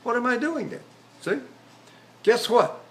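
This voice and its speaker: A man's voice: very high voice, lively intonation, unhurried. A man in his eighties, a voice teacher, giving a chatty lecture on vocal technique and breaking into sung examples. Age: 80s.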